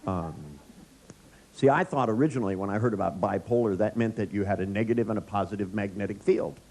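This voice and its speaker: A man's voice: lowish voice, quick pace, darkish tone, slight background noise, low-quality recording. A man giving a live workshop lecture to an audience, telling wry, joking anecdotes. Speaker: workshop trainer.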